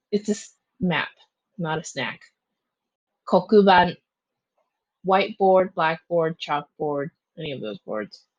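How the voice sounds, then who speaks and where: A woman teacher giving a slow, clear recorded vocabulary review, pausing between each word and its translation. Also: mid-range voice, no echo. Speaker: Japanese teacher. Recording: dull, muffled lo-fi sound.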